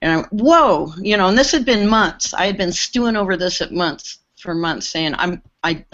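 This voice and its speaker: A woman recording engineer telling lively stories on a casual call and acting out the quoted lines. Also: fairly low pitch, brisk, muffled recording. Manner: lively storyteller who acts out quoted lines. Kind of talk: casual storytelling on a group call.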